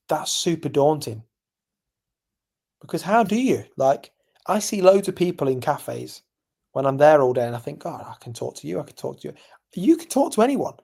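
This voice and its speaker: A young man from England, co-hosting a podcast and telling stories animatedly, jumping from loud to hushed. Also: mid-range voice, creaky. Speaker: podcast co-host. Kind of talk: casual chat.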